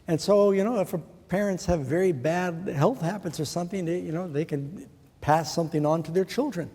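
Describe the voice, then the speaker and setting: A man's voice: sits high, brisk, dark tone, husky. A middle-aged man preaching a sermon in an earnest way, putting questions to his listeners. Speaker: pastor. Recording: long hall reverb.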